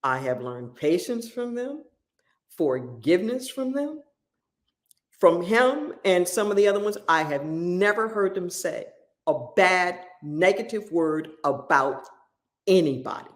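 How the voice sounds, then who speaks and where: A pastor preaches at a slow, deliberate pace, telling a story from the pulpit. The delivery is impassioned, and key phrases come back again and again for weight. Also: medium pitch, lively intonation. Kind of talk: sermon storytelling.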